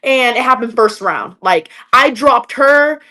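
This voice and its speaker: A woman's voice: a little high, lively intonation, a little slow, bright, forceful tone. A young adult woman, an MMA fighter, chatting as a podcast guest and telling stories, with lots of "like" fillers. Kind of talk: casual interview storytelling.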